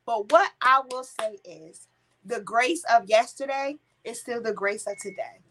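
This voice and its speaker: A woman's voice: fairly high pitch, a little slow, bright, forceful tone, rough recording. A woman talking in a casual chat about faith, emphatic and repeating phrases as she thinks.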